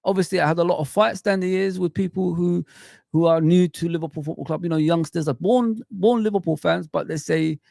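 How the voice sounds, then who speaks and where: Man, live-stream rant, gravelly voice, slightly high, dry close mic. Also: a little fast, a little mellow, dry recording. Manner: passionate, repetitive, rhetorical questions; talks straight to viewers and chat. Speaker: football fan YouTuber hosting a live stream.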